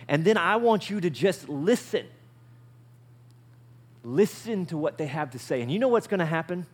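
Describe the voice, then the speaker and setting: A male pastor preaching a sermon in a relaxed, conversational way, with a fairly high-pitched voice. He repeats his phrases and moves between loud, punchy lines and quiet asides. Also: a little fast, husky.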